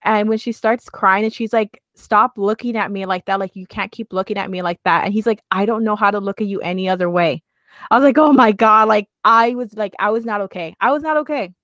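A woman's voice: mid-range voice, steady tone, a little fast, a bit bright, no room sound. A woman co-hosting a casual chat, recapping a drama with gushing emotion and constant "like" fillers. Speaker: co-host.

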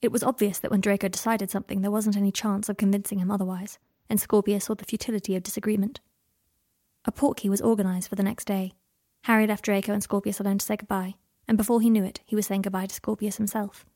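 A woman narrating an audiobook in a gentle, even storytelling manner. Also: mid-range voice, quick pace, dry recording, clean studio sound.

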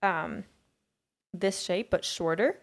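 A woman's voice: on the low side, takes it slowly, gravelly. A woman co-hosting a podcast, chatting casually and rambling with many fillers and restarts. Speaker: podcast co-host. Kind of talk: casual chat.

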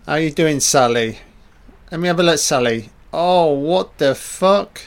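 A man's voice: on the high side, measured pace. A man giving a casual, profane and sarcastic commentary over a film. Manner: profane, sarcastic riffing on the scenes.

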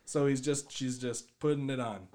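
A man's voice: mid-range voice, normal speed, darkish tone. A man telling a crude, rambling comic story, swearing often and breaking into laughter.

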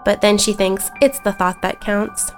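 A woman's voice: medium pitch, a little slow, soft background music. A young woman playing her character in a tabletop role-play, narrating and voicing it with giggly energy. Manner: giggly, bubbly, animated when voicing her kobold. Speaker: player.

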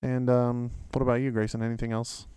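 A man's voice: medium pitch, level tone, a little fast, warm tone, clear, resonant tone, dry recording, clean studio sound. A man hosting a casual family podcast, asking his kids easygoing questions. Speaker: podcast host, dad.

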